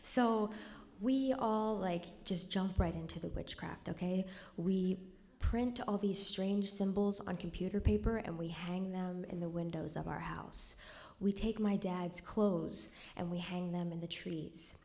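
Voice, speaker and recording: A woman's voice: on the low side, fairly even intonation, a little slow, vocal fry, dark tone. A young woman telling a true personal story live on stage at a cultural center, in a wry conversational way that drops to a near whisper at somber moments.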